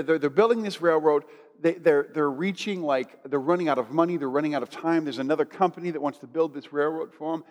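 Preacher in a reverberant church hall. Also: male voice, high voice. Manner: conversational, preacherly, leads congregation in declarations. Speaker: pastor. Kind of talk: sermon. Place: church sanctuary.

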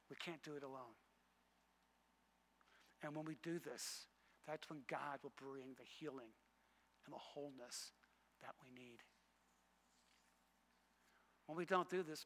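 A male pastor preaching a sermon, emphatic and repetitive, swinging between loud passages and hushed ones. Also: a little high, big-room sound.

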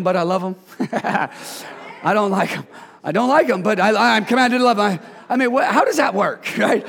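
A high, gravelly man's voice preaches to his congregation, drawing them into call-and-response with a playful touch. The sound rings with the long reverb of a church hall. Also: fairly bright tone. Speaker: pastor. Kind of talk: sermon. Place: church sanctuary.

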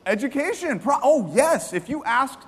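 A man preaching a sermon to a congregation, lively and joking, asking them questions and repeating their answers. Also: extremely high pitch, moderate pace, breathy edge, in a large hall. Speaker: pastor. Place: church hall.

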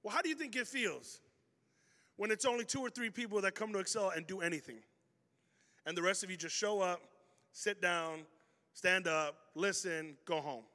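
A man's voice: high-pitched, bright, forceful tone. A man preaching a sermon as pastor, telling stories animatedly and acting out the voices of the people in them. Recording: hall reverb.

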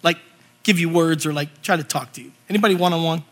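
A man preaching a lively, comic sermon to a church congregation, telling stories with acted-out quotes. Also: fairly high pitch, fast. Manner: animated storytelling with acted quotes and laughter.

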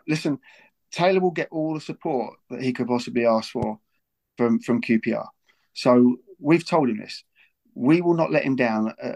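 A man's voice: mid-range voice, gravelly, a little mellow. A man talking earnestly about his football club, often repeating words as he goes. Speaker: football club figure as guest. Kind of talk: casual podcast talk.

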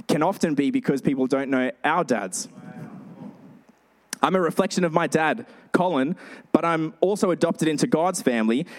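A male pastor preaching a sermon in a voice pitched a little high. He tells stories in an animated way and acts out the people in them. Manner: storytelling, animated.

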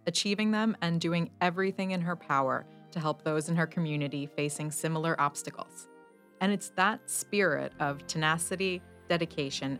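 A woman narrates a documentary introduction from a script, keeping her delivery measured. Her voice is low-pitched, and faint music runs underneath. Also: fairly bright tone.

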